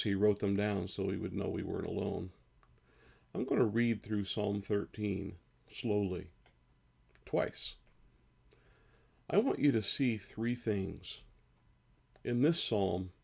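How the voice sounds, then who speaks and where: A man in his fifties, a pastor, speaking earnestly and slowly in a devotional sermon and reading scripture aloud. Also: fairly low pitch, a little mellow. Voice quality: gravelly, husky. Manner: slow, earnest, rises on emotional lines.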